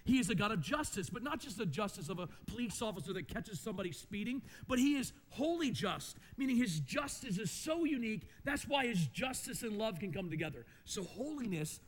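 A man's voice: high voice, very animated, fairly quick, few pauses. A man, a pastor, preaching a sermon with emphatic repetition and rhetorical questions. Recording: long reverb of a large hall.

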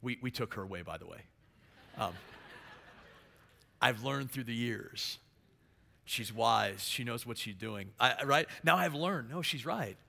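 Middle-aged pastor preaching, bright tense voice, lingering hall echo. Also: male voice, mid-range voice, lively intonation, a little slow, creaky, pauses often. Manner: builds from quiet storytelling to loud emphatic preaching. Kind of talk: sermon. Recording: long hall reverb.

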